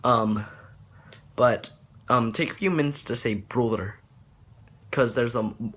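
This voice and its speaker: A man's voice: on the low side, steady tone, moderate pace, slight background noise. A young man talking casually about accents, rambling and hesitant with many fillers and restarts. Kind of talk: casual accent tutorial vlog.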